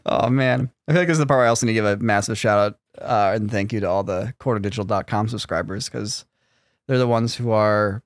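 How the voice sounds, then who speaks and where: A man hosting a podcast in casual chat, friendly and quick to laugh, thanking his listeners and his guest. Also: on the low side, no echo, studio quality. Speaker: podcast host.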